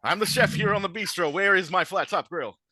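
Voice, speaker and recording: A man's voice: medium pitch, big pitch swings, measured pace, sharp tone, slightly rough, voice pushed up, exaggerated voice. A man voicing an irate small autognome chef who demands things indignantly.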